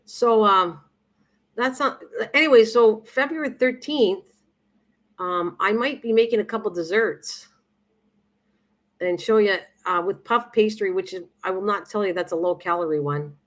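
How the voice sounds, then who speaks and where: A middle-aged woman talks casually to her viewers while she cooks on a live stream. She rambles, restarts her sentences and fills the pauses with ums and uhs. Her pitch sits in a plain middle range. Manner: chatty, rambling, many restarts and fillers.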